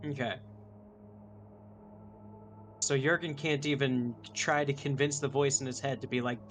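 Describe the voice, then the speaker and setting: A man's voice: mid-range voice, steady tone, unhurried, long pauses, fairly bright tone, a little hiss or hum. A young man playing in a tabletop game, thinking aloud with many ums and restarts as he weighs his moves. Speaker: player. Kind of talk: casual chat at a tabletop game.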